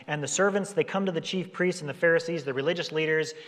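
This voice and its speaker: A man preaching a sermon as a pastor, talking in a relaxed conversational way and briefly putting on voices for the people in his story. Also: on the high side, quick pace. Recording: long hall reverb.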